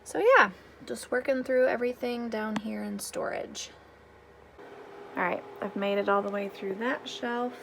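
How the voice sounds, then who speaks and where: A woman's voice: on the high side, fairly even intonation, a little slow, gravelly, a bit bright, a little hiss or hum. Chatty woman touring her home pantry. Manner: chatty and practical, thinking aloud with many fillers. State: out of breath after the stairs. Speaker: homemaking vlogger. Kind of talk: casual walk-through vlog. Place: home basement storage and pantry.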